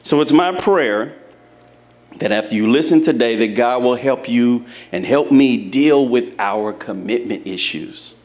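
A pastor with a mid-range, somewhat dark voice preaches a sermon to a live church congregation. He takes his time, addressing the people directly and telling folksy, funny stories.

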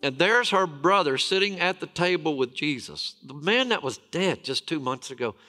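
A man, a lead pastor, preaching a sermon as a storyteller, with dramatic pauses and emphatic repetition. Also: a little high, animated, bright, forceful tone, soft background music.

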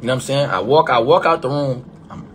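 A man's voice: medium pitch, fast talker, fairly bright tone. A young man telling a long story in casual chat, rambling and repeating himself with emphasis. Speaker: storyteller in a played clip. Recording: echoey room, faint background noise.

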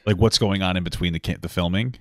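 A man's voice: low voice, steady tone, fast talker, fairly bright tone, no echo, studio quality. A young man co-hosting a podcast, reacting to a video in a rambling, joking way with frequent laughs and restarts. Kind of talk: casual reaction chat.

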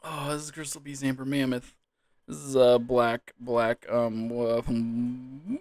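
A man's voice: medium pitch, level tone, slow pace, a little mellow, dry recording. A man commentating a quiz casually, giggling helplessly and fighting back tears of laughter. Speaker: gaming YouTuber.

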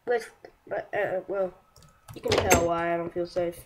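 A young woman chatting through her own gameplay, excitable and self-mocking, yelping and shouting at enemies between slow, rambling remarks. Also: fairly low pitch, background noise. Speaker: gameplay streamer. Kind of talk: casual live commentary while playing a game.

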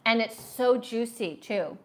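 Chatty American woman, middle-aged, slightly high voice, hosts a cooking stream from her kitchen and chats with viewers while she works. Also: takes it slowly, slight background noise. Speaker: cooking channel host. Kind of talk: casual cooking livestream chat. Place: home kitchen.

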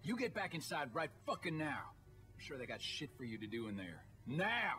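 A mean, bossy camp guard who spits out crude commands. His voice rides high and jumps around a lot, with soft music from a video game behind it. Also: big pitch swings, moderate pace. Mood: bullying. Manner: barking, profane orders. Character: bullying armed male camp guard.

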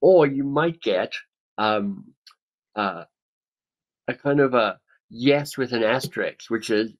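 A man's voice: mid-range voice, takes it slowly, pauses often, rough recording. A man in his fifties leading a coaching webinar over a video call, talking with enthusiasm and acting out other people's reactions. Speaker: webinar speaker and author. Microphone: webcam on a video call.

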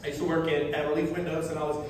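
A man from Florida preaches a sermon in a church, with a fairly high voice. He tells stories in a loose, conversational way with touches of humor. The sound is heavily echoey and comes from some distance off the mic. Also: level tone, rapid-fire. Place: church sanctuary. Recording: echoey hall, voice far from mic, faint noise.

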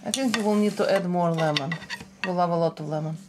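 A woman's voice: fairly low pitch, fast, noisy background. A woman hosting a casual family vlog, chatty, with slightly non-native phrasing. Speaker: vlog host.

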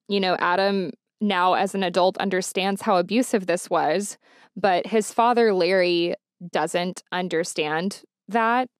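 A woman's voice: lowish voice, clear, resonant tone, no room sound, studio quality. A woman hosting a podcast, recapping a documentary in a chatty, storytelling way with indignant asides. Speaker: podcast host. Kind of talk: casual true-crime recap.

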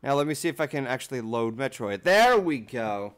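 Young man, animated voice, curses at the game, casual stream chat. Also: medium pitch, brisk, clear, resonant tone. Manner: swears loudly at the game, self-mocking.

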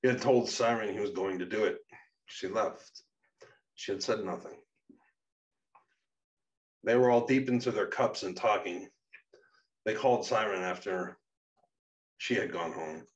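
A man with a deep voice reads his own memoir aloud. His delivery is plain, steady and earnest. The recording sounds dull and set back from the mic. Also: a little slow, pauses often. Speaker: narrator. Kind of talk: reading a personal memoir aloud. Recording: muffled, distant mic.

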